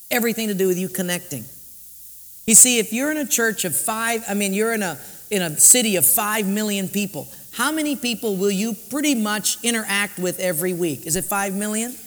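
Animated high-voiced pastor in a hall. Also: male voice. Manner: animated storytelling, acts out his own thoughts. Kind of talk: sermon with personal story. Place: large church. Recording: reverberant church hall.

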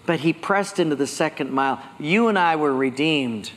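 Animated preacher in a reverberant hall. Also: male voice, on the high side, moderate pace. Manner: animated storytelling, acting out dialogue. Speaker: pastor. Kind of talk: sermon.

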